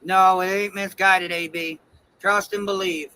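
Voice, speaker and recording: A man's voice: sits high, level tone, a little slow, pushed and bright, smooth, rough recording. A man hosting his own livestream, talking bluntly and defiantly with plenty of swearing. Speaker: channel host in a played clip. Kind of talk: heated livestream talk.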